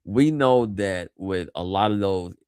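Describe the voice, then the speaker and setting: A man's voice: sits low, unhurried, clean tone, no echo, clean studio sound. A man on a podcast panel who argues his point in a casual chat, stumbling over his words as he restarts. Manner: animated, stumbling restarts when arguing a point.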